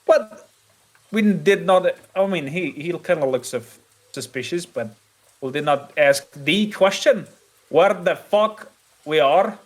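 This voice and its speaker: A man playing a tabletop game, speaking in halting sentences with frequent restarts. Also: on the high side, lively intonation. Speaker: player. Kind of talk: casual chat in a tabletop game.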